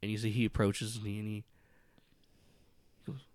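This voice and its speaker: A man's voice: on the low side, level tone, normal speed, a little mellow, no room sound, studio quality. A man running a tabletop horror game as game master, narrating casually with lots of fillers and frequent laughs. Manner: rambling, laughs often, many fillers.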